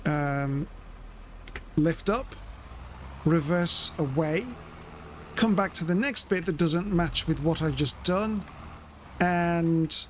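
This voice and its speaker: A man's voice: fairly high pitch, slow pace, long pauses, slight background noise. A man giving chatty live commentary as he plays and explains his method step by step. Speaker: streamer.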